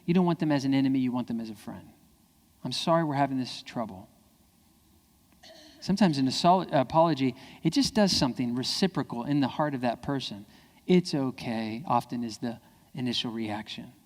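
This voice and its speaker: A man giving a lively keynote speech to parents, acting out quoted kids and parents in high voices. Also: quick pace. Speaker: keynote speaker. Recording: hall reverb.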